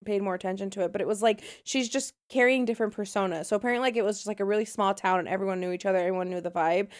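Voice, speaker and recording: A woman's voice: mid-range voice, fairly even intonation, very fast. A woman co-hosting a podcast, chatting casually in a rambling way full of fillers and outrage. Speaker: podcast co-host. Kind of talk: casual chat.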